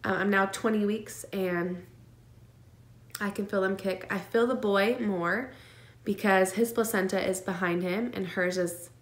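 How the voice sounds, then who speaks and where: In an echoey room, a woman vlogs about her pregnancy, telling a personal story earnestly and emotionally with lots of fillers and nervous laughs. Her mid-range voice stays fairly even in intonation, and she speaks without hurrying.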